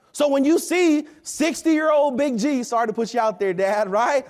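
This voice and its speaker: A man in his thirties giving an energetic, preachy motivational talk at a company event, often asking "right?". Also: extremely high pitch, normal speed.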